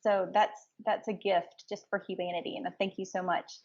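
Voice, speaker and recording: A woman's voice: medium pitch, level tone, normal speed, darkish tone, muffled recording. A woman hosting a casual podcast interview, thanking her guest and asking easygoing questions. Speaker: podcast host.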